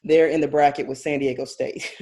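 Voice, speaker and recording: A woman's voice: deep voice, little pitch movement, normal speed, mellow. A woman co-hosting a casual sports podcast, talking in long rambling turns, hedging often and laughing between thoughts. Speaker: podcast co-host.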